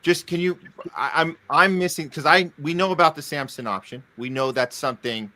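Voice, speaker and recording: A podcast co-host with a bright, sharp voice talks in a casual, questioning way. He often restarts his sentences as he feels his way toward a point. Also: on the high side, a little fast, low-quality recording. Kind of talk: casual chat.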